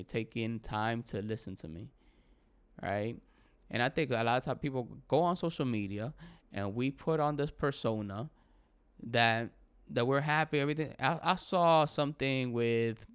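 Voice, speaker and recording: A stand-up comedian in his thirties hosts his own solo podcast, speaking in a clear, resonant, medium-pitched voice. He talks candidly about how he feels, in a rambling, reflective monologue.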